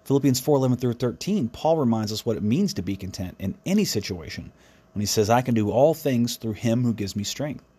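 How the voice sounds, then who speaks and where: A man's voice: mid-range voice, animated, a little fast, warm tone, slightly rough. A man hosting a devotional podcast, speaking in an earnest, reflective way with frequent restarts. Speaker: podcast host.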